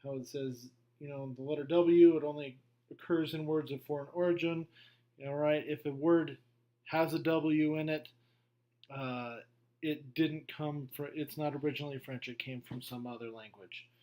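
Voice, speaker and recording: A middle-aged man teaching a beginner language lesson, going slowly through a worksheet, patient and repetitive with frequent okays. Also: on the high side, steady tone, warm tone. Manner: slow, patient, repeats himself with many okays. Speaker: French teacher. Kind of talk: classroom lesson walkthrough.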